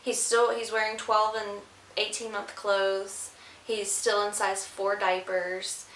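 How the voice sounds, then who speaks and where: A woman's voice: mid-range voice, little pitch movement, slow pace, a bit bright. A young woman, a mother vlogging to camera, chatting casually and rambling with fillers, tired from lack of sleep. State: sleep-deprived. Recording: echoey room with faint hiss.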